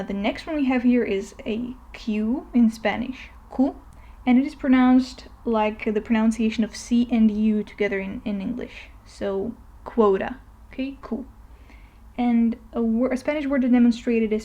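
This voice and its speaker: A woman's voice: on the high side, moderate pace, mellow, dull audio. Patient woman teaching pronunciation. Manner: patient, explains step by step with frequent "okay?" checks. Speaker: language teacher. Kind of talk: narrated language lesson.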